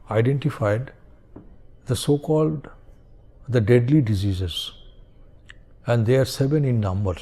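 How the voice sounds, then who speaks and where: A man's voice: medium pitch, mellow. A man giving a recorded university lecture, hesitant, with many fillers and frequent checks like "is it okay?".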